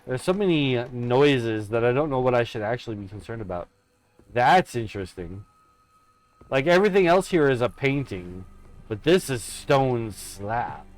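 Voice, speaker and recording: A man's voice: mid-range voice, animated, moderate pace, faint music behind. A man streaming a horror game live, commenting as he explores and making playful, mock-dramatic asides to himself.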